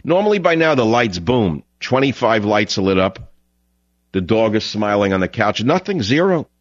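A man hosting a talk radio show, ranting and mocking in a monologue that swings between shouting and muttering. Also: on the low side, expressive, normal speed, no room sound. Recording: dull lo-fi radio broadcast.

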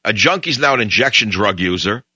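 A man's voice: expressive, a little fast, sharp tone, breathy edge, dry recording, lo-fi sound. Older New man, rambling talk host. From Brooklyn, New York. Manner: digressive storyteller, jumps between tangents with sudden pitch leaps. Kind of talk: rambling monologue.

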